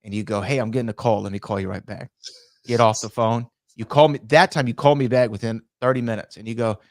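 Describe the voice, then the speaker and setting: A man co-hosting a podcast, telling stories in a lively way and reading out viewer comments. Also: mid-range voice, quick pace, no echo, studio quality. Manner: lively storytelling, acts out phone calls. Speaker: podcast co-host.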